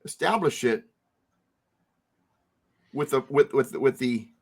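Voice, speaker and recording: A man teaching a founding text to a co-host, emphatic and lively, repeating words for stress. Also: medium pitch, takes it slowly, creaky.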